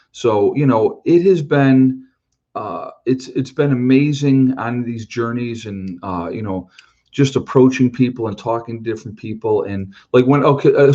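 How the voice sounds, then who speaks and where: A man's voice: on the low side, a little mellow, muffled recording. A man from New York giving his opinions in a casual, earnest monologue, plain-spoken and rambling with fillers as he talks about a motorcycle trip.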